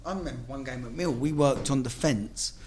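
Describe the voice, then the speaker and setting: A man's voice: medium pitch, brisk, darkish tone, a little hiss or hum. A man, a former footballer, telling stories in casual chat, swearing freely and acting out the dialogue.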